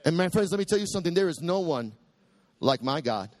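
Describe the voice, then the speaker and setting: High, animated preaching man. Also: fairly quick. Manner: preaching with soaring pitch and sudden shouted peaks; quotes scripture in dramatic voices. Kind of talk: sermon.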